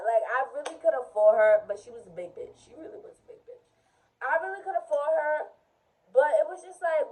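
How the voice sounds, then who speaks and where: A hoarse young woman with a cracking voice, animated and profane, telling a casual storytime. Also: sits high, fairly quick. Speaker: vlogger.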